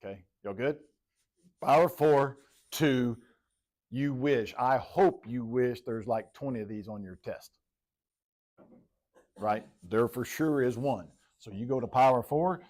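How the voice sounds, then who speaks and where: Working through problems on the board, a male math teacher lectures his class and calls on students by name to answer. He speaks in a mid-range, slightly mellow voice, unhurried and with long pauses.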